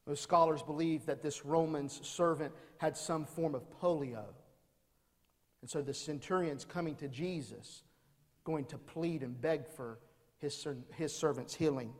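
A man's voice: fairly high pitch, in a large hall. A man preaching a sermon as pastor, building emphasis with rhetorical questions. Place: church.

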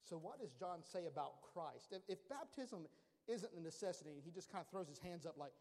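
A man preaching with a fairly high voice, lively and emphatic, then dropping low and quiet for weight. His words ring out in a hall with a long echo. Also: a little fast. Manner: emphatic, animated, drops to a hushed low voice for weight. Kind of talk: sermon.

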